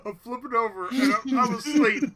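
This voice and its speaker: A man streaming a game, chatting loudly, laughing often and reading the game's lines aloud. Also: very high-pitched, moderate pace, crowd noise. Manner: loud, laughing, swears a lot. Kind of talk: casual live stream banter and reading game text aloud.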